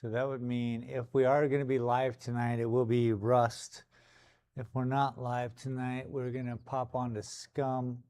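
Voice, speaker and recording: A man's voice: medium pitch, measured pace. A middle-aged man, chatting casually to his live-stream viewers while he paints in his gallery studio, talking half to himself as he works. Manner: relaxed, talks to himself while working.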